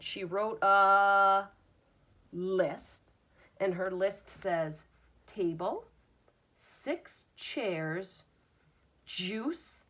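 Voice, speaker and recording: A woman teacher reading a picture book aloud to young children, patiently explaining words and sounding them out. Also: mid-range voice. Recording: dull lo-fi recording.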